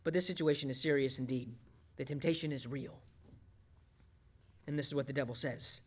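A man preaching a sermon, swinging between loud emphasis and hushed asides as he acts out quoted voices. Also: mid-range voice, normal speed. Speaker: pastor.

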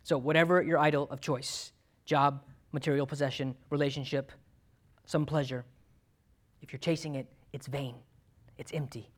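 A man's voice: a little high, fairly even intonation, normal speed, pauses often. Male pastor, sermon, emphatic, chatty, checks in with listeners. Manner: emphatic, conversational preaching with frequent "okay?" and "um".

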